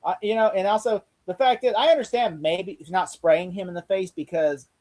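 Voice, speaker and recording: High-voiced rambling young man. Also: fairly quick, low-quality recording. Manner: rambling, excitable, many restarts. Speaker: podcast co-host. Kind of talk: casual show review chat.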